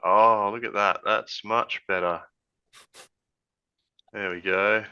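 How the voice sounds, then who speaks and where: Man, podcast co-host, easygoing rambling chat, bright forceful tone, slightly low voice, dull old headset sound. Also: fairly even intonation, takes it slowly, clean tone. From Australia. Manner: rambling, easygoing, laughs often. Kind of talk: casual chat. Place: hot room at home with big fan. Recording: lo-fi headset audio.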